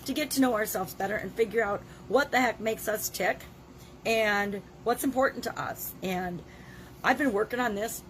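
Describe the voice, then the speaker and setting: In her daily video journal, a vlogger in her sixties speaks in a mid-range voice at a moderate pace. She has a cold and a scratchy throat, coughs now and then, and talks in an emphatic, plain-spoken way.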